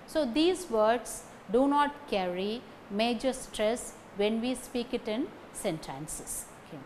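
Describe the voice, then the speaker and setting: Slow, deliberate woman lecturing. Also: on the high side, lively intonation, background noise. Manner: slow, deliberate, repeats example sentences; frequent "okay" between points. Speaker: phonetics lecturer. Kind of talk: recorded lecture.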